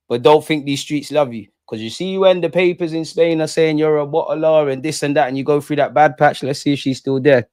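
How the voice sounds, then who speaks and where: This fan channel host, a young man, has a mid-range, clean-toned voice recorded at studio quality with no room sound. On his casual live stream he reads out chat comments and rants, cracking jokes in between. His delivery is animated, bouncing from rants to banter with chat.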